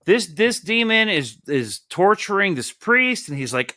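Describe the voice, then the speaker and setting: A young man hosts a laid-back comic review, animated and profane as he jokes through the pages. His voice sits a little high, bright and crisply clear. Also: a little slow. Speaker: comic book review host. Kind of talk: casual podcast chat.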